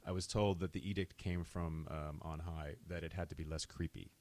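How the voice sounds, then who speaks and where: Deep-voiced man telling stories in an interview. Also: normal speed. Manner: animated storyteller, laughs often, mimics voices. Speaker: actor, interview guest. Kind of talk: casual interview chat.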